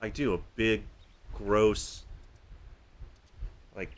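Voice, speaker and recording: A man's voice: lowish voice, fairly even intonation, extremely slow. A man co-hosting a game stream, trading dry sarcastic jokes in casual banter. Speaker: co-host.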